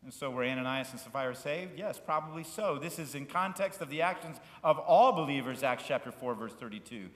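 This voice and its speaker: A male pastor preaching a sermon, shifting between loud, fervent passages and quiet asides, and asking the congregation questions. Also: medium pitch, expressive, fairly quick, hardly any pauses. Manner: asks the congregation questions and invites them to repeat words. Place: church sanctuary. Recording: echoey church hall with long reverb.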